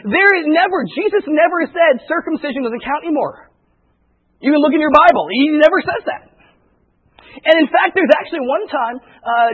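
A male pastor preaching a sermon in a conversational way, acting out the voices of people he quotes. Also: very high-pitched. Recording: tinny phone-like radio recording.

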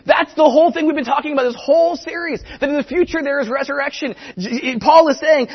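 A man preaching a casual, animated sermon to a congregation, talking conversationally with quick asides. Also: extremely high pitch, highs cut off. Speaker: pastor.

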